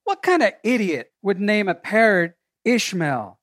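A preacher voicing a frustrated male burglar in a joke, asking sharp, exasperated questions. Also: high voice, wildly swooping pitch, a little slow, full character voice.

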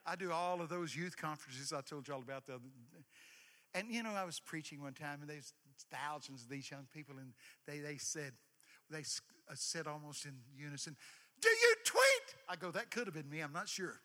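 Older male preacher, booming in a hall. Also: fairly quick. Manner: animated storytelling with sudden shouted bursts and joking asides. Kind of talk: sermon. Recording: long reverb of a large hall.

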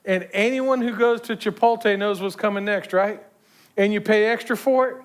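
High-voiced man preaching conversationally. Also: fairly even intonation, normal speed, clean tone. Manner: conversational storytelling, acts out quoted voices; frequent repeated words and restarts. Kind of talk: sermon.

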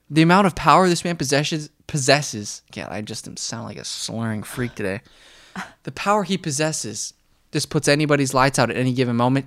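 Young man, podcast co-host, casual chat, rambling, animated, dry close sound, mid pitch. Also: no echo. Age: young adult. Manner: animated, rambling, addresses fighters directly.

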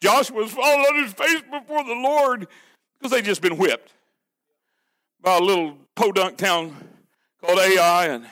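A man preaching a sermon, emphatic and full of rhetorical questions, sometimes sinking low and quiet to drive a point home. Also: moderate pace, pauses often.

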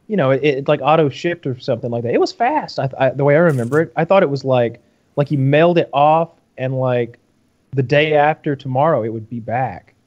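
A man's voice: medium pitch, expressive, a little fast, a little mellow, dull audio. A man co-hosting a podcast in casual chat, rambling and swearing, restarting his sentences often. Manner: rambling, profane, lots of restarts.

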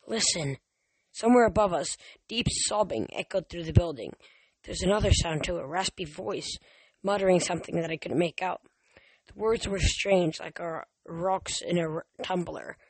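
Reading a novel aloud at a normal speed, a man with a high voice records an amateur audiobook, and his delivery is marked by frequent stumbles and restarts. The sound has no echo.

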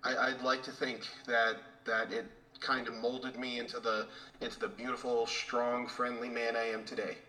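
A man's voice: medium pitch, level tone, moderate pace, pushed and bright, poor audio. A man co-hosting a podcast, ranting in an enthusiastic, swearing way and tripping over repeated words. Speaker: podcast co-host. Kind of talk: casual podcast rant.

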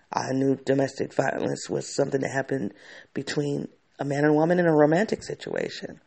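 A man's voice: mid-range voice, gravelly. A man telling a candid personal story to camera, reflective and often restarting his sentences.

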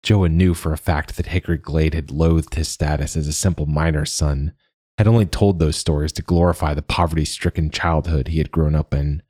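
Male narrator, audiobook, very deep voice, husky, measured. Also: fairly even intonation, a little mellow, no room sound, clean studio sound.

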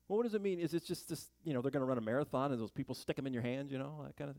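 A man's voice: medium pitch, lively intonation, rapid-fire, gravelly, few pauses, a little mellow, no echo. A man teaching a Bible study in a chatty sermon style, full of joking asides and rhetorical questions.

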